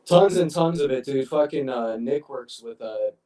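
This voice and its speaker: A man chats loosely on a podcast, swearing freely and laughing often. His voice is mellow and relaxed, and it sounds roomy and echoey. He sits some way back from the mic. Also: medium pitch, normal speed. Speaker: podcast co-host. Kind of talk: casual chat. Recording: roomy echo from a distant mic.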